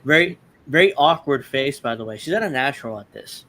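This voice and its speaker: A man's voice: medium pitch, expressive, fairly quick, pushed and bright, slight background noise. Mocking chatty male commentary host. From Northeastern United States. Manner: mocking, chatty, many restarts. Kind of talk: casual political commentary.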